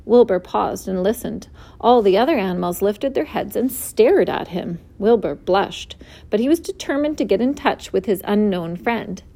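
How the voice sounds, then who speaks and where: A woman's voice: medium pitch, expressive, normal speed, vocal fry, warm tone. Woman reading a children's story. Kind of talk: reading a children's book aloud.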